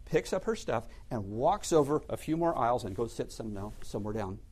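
Male Sunday school teacher, animated pitch, chatty delivery with rhetorical questions. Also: fairly quick, husky. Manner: conversational, rhetorical questions, acts out stories. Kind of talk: church class teaching.

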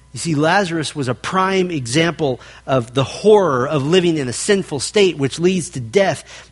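A male pastor delivers a sermon in an earnest, emphatic way, driving points home by repetition and speaking straight to his listeners. His voice sits a bit higher than most men's. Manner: earnest preaching with emphatic repetition and direct address.

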